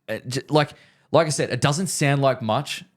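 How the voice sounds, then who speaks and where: A man's voice: mid-range voice, moderate pace. A man co-hosting a podcast, telling a long rambling story in casual chat and repeating himself. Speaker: podcast co-host.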